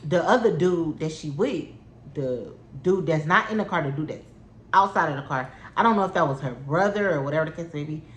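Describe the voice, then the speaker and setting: A woman's voice: sits low, lively intonation, brisk, a little hiss or hum. Young woman, storytime vlogger, heated and profane, repeats lines for emphasis, roomy echo. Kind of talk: storytime vlog.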